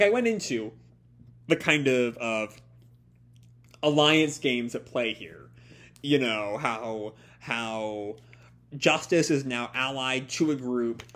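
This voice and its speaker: A man hosting a casual manga reaction, recapping the chapter and sharing his opinions with many fillers. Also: mid-range voice. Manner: lively, with many fillers, reads quoted dialogue in put-on voices.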